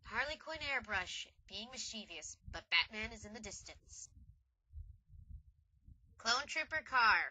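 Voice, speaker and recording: A woman's voice: fairly high pitch, animated, unhurried, pauses often, sharp tone, rough recording. A woman vlogger narrating a slideshow casually, rambling and giggly, with a self-deprecating streak.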